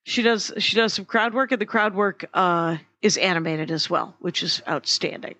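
Bright-voiced woman, rambling casual chat. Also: on the low side, moderate pace, dry recording. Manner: meandering, lots of fillers and restarts. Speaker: podcast co-host, comedian.

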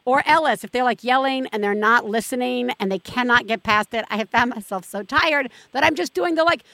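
A woman hosting a podcast in casual chat, animated and self-mocking as she talks. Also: a little high, brisk, gravelly, no echo. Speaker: podcast host.

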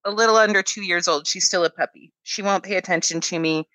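Woman comedian, bright voice, dry close sound, loose rambling delivery. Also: on the low side, fast, no echo, rough recording. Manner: rambling, hesitant with ums, laughing. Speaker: comedian guest. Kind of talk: casual storytelling.

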